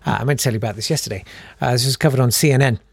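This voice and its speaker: A man's voice: medium pitch, rapid-fire, gravelly, slightly rough, no echo. A man hosting a casual news chat, sarcastic and rambling, full of ums and uhs. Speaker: host.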